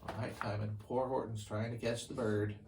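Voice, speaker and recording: A man reads a picture book aloud, breaking off now and then to chat with his listeners about the pages. His voice sits at an ordinary middle pitch, with faint background noise in the room. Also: flat delivery. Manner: pauses to comment to listeners. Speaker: storybook reader.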